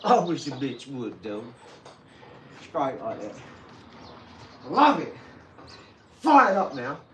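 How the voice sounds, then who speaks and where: A man's voice: mid-range voice, wildly swooping pitch, slow pace, a crowd in the background. Brash, combative man in his forties. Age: 40s. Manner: combative, loud and mocking; swaggering street slang. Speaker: livestream host. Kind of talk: ranting live stream chat. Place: garage.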